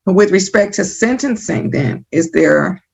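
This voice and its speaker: A woman's voice: mid-range voice, animated, unhurried, creaky, darkish tone, husky. A woman judge presiding over a sentencing hearing, firm and direct. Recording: dull lo-fi courtroom audio.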